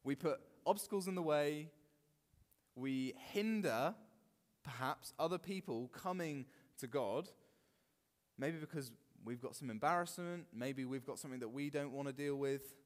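A man preaching a sermon in a church, animated and expressive. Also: medium pitch, unhurried, long reverb tail. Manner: animated, acts out quoted voices. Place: church hall.

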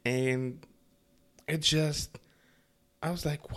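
A young man from the Middle East ranting casually, profane and sarcastic, with animated swings in his voice. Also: medium pitch, unhurried. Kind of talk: casual rant to camera.

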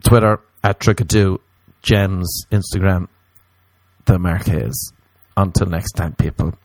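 A man's voice: low-pitched, unhurried, darkish tone, no room sound. A man hosting a comedy podcast, rambling through a silly monologue and slipping into playful voices.

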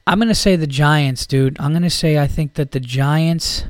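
Swearing freely and drifting from point to point, a male podcast host rants heatedly about football at normal speed. His voice sits a little high for a man, and the sound is dry and close, with no echo or room around it.

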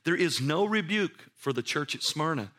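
A man preaching a sermon as pastor, moving between quiet, hushed passages and loud, emphatic ones, with conversational asides and repeated words. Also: fairly high pitch, animated, normal speed.

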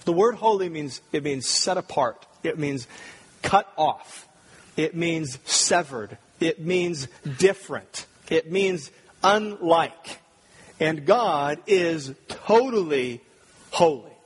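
A husky man with a slightly high voice preaches a sermon. He leans hard on key words and builds to loud, climbing peaks. Then he drops to a low, quiet intensity. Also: lively intonation, slow. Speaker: pastor.

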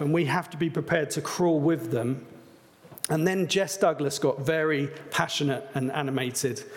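Earnest preacher with a higher voice. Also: male voice, long reverb tail. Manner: earnest, conversational, with fillers. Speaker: pastor. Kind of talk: sermon.

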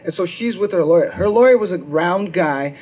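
High-voiced man telling a stand-up story. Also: brisk, breathy edge. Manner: profane, animated, acts out quotes with shouts. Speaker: stand-up comedian. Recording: live crowd laughter. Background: audience laughter.

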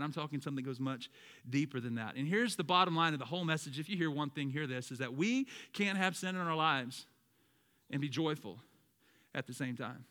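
A young male pastor preaching a sermon, swinging between loud emphatic lines and low quiet ones and calling on the congregation to respond. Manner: calls out to the congregation, asks them to repeat words.

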